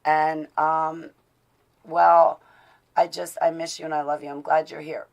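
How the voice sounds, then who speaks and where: A woman's voice: low-pitched, little pitch movement, measured pace, vocal fry, rough recording. A woman hosting a casual live video-call show, talking in an affectionate, rambling way with many fillers. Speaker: host of an online show. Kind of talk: casual live-stream chat.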